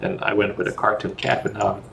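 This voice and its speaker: A man hosting a casual podcast, talking in a relaxed, musing way that trails off. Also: lowish voice, fast, vocal fry, a little hiss or hum. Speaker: podcast host.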